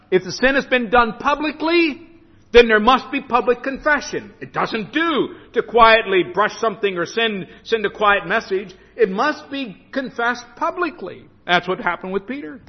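A male preacher reading and explaining scripture emphatically, often restarting his phrases. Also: high-pitched. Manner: emphatic, with frequent restarts and stumbles. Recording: reverberant hall, dull lo-fi sound.

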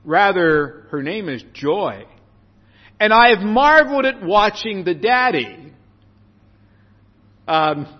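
A man preaching a sermon, slow and earnest, stressing phrases by repeating them. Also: high voice. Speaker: pastor. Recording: dull sound with long hall reverb.

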